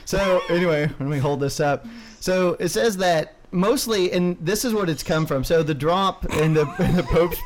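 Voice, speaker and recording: A man's voice: high-pitched, moderate pace, few pauses, a little hiss or hum. A man co-hosting a podcast, swearing freely and laughing as he keeps losing his train of thought. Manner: profane, easily distracted, laughing. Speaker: podcast co-host. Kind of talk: crude casual chat.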